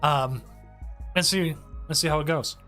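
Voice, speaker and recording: A man's voice: a little high, a little slow. Easygoing male co-host, casual stream banter with a lot of stops and starts, faint music underneath. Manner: relaxed, hesitant, repeats words. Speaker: stream co-host running the tournament.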